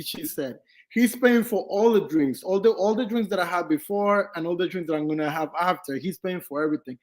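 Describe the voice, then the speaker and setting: A young man vlogging casually, telling lively stories with swearing and acted-out quotes. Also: high-pitched. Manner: animated, swearing, acts out quotes. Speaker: travel vlogger. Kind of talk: casual storytelling.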